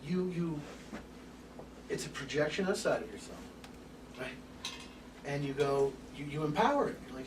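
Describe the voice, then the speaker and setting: A man giving an open forum lecture to a live group, animated and casual, swearing now and then and acting out little scenes. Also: fairly high pitch, normal speed, pauses often, roomy sound. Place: room with an audience. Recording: distant mic with background hiss.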